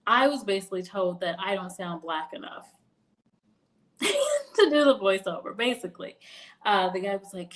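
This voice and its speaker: A young woman talks casually on a livestream, laughing often as she drifts into personal stories. Her pitch sits in an ordinary middle range. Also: big pitch swings, moderate pace, long pauses. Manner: chatty, laughs often, storytelling asides. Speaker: career video host.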